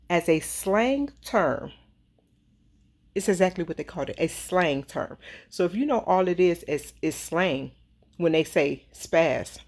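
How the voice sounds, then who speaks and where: Worked-up woman, slightly low voice, venting commentary with emphatic repeats. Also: a little mellow. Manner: heated, worked up, emphatic repetition. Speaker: social media commentator. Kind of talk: casual commentary monologue.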